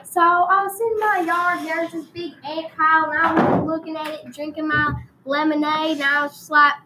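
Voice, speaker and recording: A woman putting on a deliberately exaggerated rural Texan accent to play a rambling old country storyteller with folksy asides. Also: high voice, steady tone, very noisy, close to an everyday voice. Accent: put-on rural Texan.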